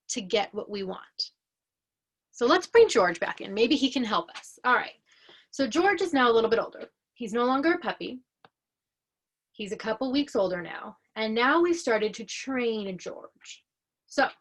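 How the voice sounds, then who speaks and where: Woman, educator, explanatory lesson, raised voice, unhurried careful delivery. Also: fairly high pitch, a bit bright. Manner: slow, deliberate, clearly paced explanation.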